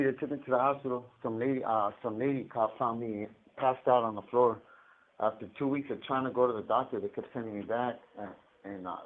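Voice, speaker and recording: This is a man talking over a tinny prison phone line, with a voice of ordinary pitch. He rambles and swears, stammering and doubling back on his words as he tells his story. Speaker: inmate on a collect call. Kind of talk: casual storytelling.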